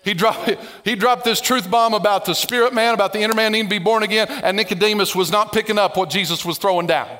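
A man preaching a lively, conversational sermon as a pastor, acting out biblical dialogue with playful sarcasm and humor. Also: high-pitched, fast talker, few pauses.

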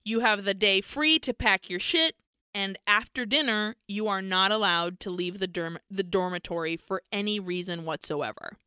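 A woman's voice: mid-range voice, normal speed, pushed and bright, smooth, no echo, clean studio sound, lightly acted. Woman doing a bossy headmistress. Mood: stern. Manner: curt, bossy commands. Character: stern middle-aged woman school headmistress.

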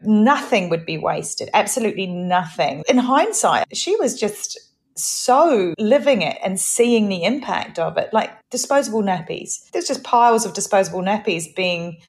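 A middle-aged woman from New Zealand with a softened Kiwi accent, co-hosting a podcast in a lively, laughing storytelling manner. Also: medium pitch, moderate pace. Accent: New Zealand, partly anglicised. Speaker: podcast co-host. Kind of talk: casual chat.

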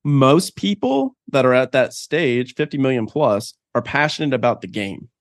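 A male guest on a podcast, speaking at a middle pitch in a loose, casual way. He rambles and fills his talk with small filler words while he works out his points. The sound is close and dry. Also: lively intonation, normal speed, no echo. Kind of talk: podcast interview.

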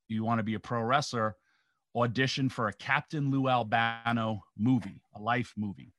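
A man's voice: medium pitch, steady tone, normal speed, fairly bright tone, no room sound, clean studio sound. A middle-aged man from New York, a former pro wrestler, telling rambling stories in a casual interview and acting out the quotes. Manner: rambling anecdotal, acts out quotes.

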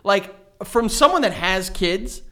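A man in his thirties co-hosting a podcast, telling stories in casual chat and breaking into loud bursts of laughter. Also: high-pitched, lively intonation, unhurried. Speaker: podcast co-host.

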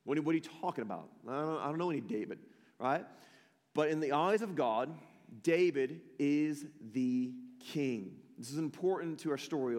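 A male pastor with a high voice preaches a sermon, retelling a story and hammering points home by repeating them. His voice carries a long reverb from the hall around him. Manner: emphatic storytelling, repeats phrases for emphasis.

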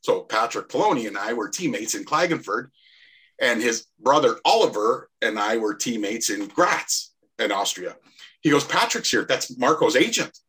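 A man's voice: medium pitch, lively intonation, moderate pace, fairly bright tone, breathy edge. A man in his fifties, a podcast guest telling a rambling story full of restarts and fillers. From Canada. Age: 50s. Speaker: podcast guest, former player. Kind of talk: casual storytelling.

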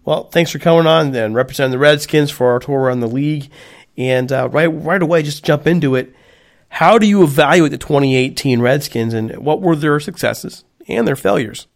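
Guy hosting a sports podcast, quick and hurried, kinda high voice. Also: creaky. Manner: brisk, hurried. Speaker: podcast host. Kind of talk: sports podcast talk and ad read.

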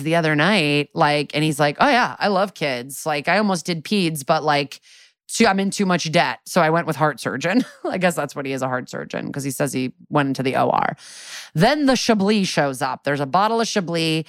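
Recorded with clean studio sound and no room sound, this deep-voiced woman has a fairly bright, clear, resonant tone. She's a podcast co-host giving a chatty, casual rundown of a TV episode, often laughing, cursing, and voicing characters' lines as herself.

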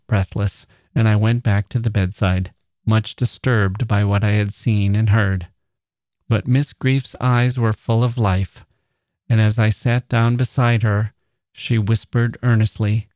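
A man narrating a literary story in a slow, deliberate, measured way. His voice is mellow and low-keyed, and the recording is dry and close with no room sound. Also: steady tone, no room sound. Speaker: podcast host reading a story.

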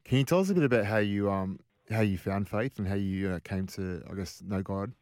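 Soft-spoken deep-voiced male host. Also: a little fast, no room sound, clean studio sound. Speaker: podcast host. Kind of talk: interview questions.

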